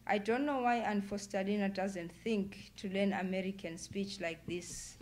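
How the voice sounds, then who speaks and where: A woman author reading her own novel aloud at an indoor public event, in a measured, deliberate way. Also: mid-range voice, fairly even intonation, a little mellow. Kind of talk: literary reading.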